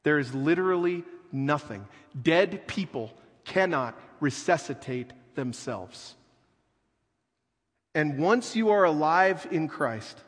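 Guy preaching a sermon, slow and earnest, goes quiet for emphasis, lots of echo like a big church. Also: mid-range voice. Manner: slow, earnest preaching with soft dramatic drops. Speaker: pastor.

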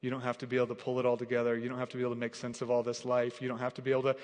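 A man's voice: mid-range voice, completely flat delivery, very fast. A man preaching a sermon as pastor, earnest and conversational, often saying "like", building to emphatic repeated declarations. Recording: long hall reverb.

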